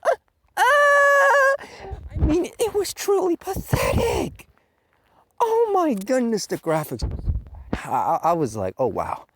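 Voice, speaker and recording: A man giving a profane, exaggerated game review rant, veering from loud outraged outbursts to low muttered asides. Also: wildly swooping pitch, a little slow, breathy edge.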